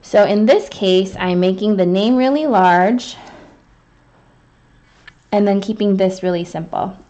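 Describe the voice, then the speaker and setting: With the highs cut off from the audio, a woman speaks unhurriedly in a medium-pitched, dark voice. She's a calligraphy instructor giving a live online lesson, writing as she demonstrates. Her talk is chatty and thought-out-loud, full of fillers and restarts.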